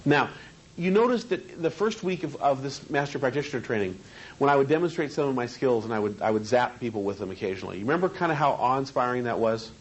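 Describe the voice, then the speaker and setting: A man's voice: mid-range voice, expressive, fast, highs cut off. A man teaching a seminar on hypnosis in a training room, talking conversationally and asking the group questions.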